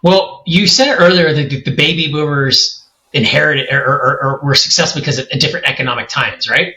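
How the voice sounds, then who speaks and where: A man's voice: fairly high pitch, fairly quick, pushed and bright. A man in his forties from California, co-hosting a podcast discussion in a heated, emphatic rant. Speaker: co-host. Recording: roomy echoey room.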